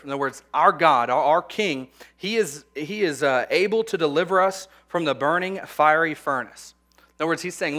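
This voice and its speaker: A man's voice: fairly high pitch, fairly quick, sharp tone. A young man preaching a sermon to graduating students, conversational, with repeated words and humorous asides.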